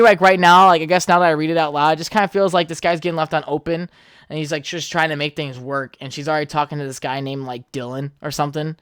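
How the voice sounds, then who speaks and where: Rambling, foul-mouthed young man, smooth voice. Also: fairly high pitch, fairly bright tone, no echo, studio quality. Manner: rambling, profane, laughs at his own jokes. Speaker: podcast host. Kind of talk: casual solo podcast chat.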